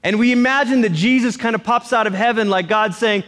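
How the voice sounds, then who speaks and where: A man preaching, his fairly high voice trailing a long reverb through the hall. He delivers his sermon with animation, slipping in jokey asides and putting on voices for quoted lines. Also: a little fast, hardly any pauses, fairly bright tone.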